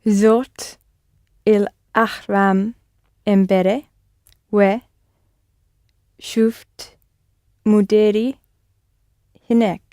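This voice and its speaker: A woman's voice: mid-range voice, little pitch movement, extremely slow, long pauses, dark tone, no echo. A woman student in a language lesson, hesitantly working out her answers aloud.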